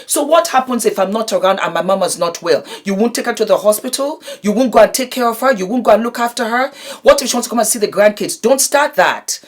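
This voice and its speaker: A woman's voice: on the high side, animated, fast talker. A middle-aged woman vlogging straight to camera, giving emphatic, affectionate advice and calling her viewers darlings. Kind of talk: direct-to-camera advice vlog.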